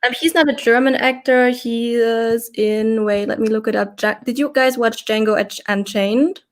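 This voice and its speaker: A woman with a fairly high voice speaks unsurely, pausing to search for her words. She sounds casual, like a guest on a video call with friends. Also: steady tone. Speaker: guest reader. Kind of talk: casual group video chat.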